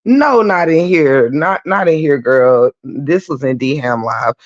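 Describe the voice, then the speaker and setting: A woman's voice: extremely low pitch, slow, highs cut off. A woman hosting a live stream, ranting bluntly and profanely in casual talk. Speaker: livestream host.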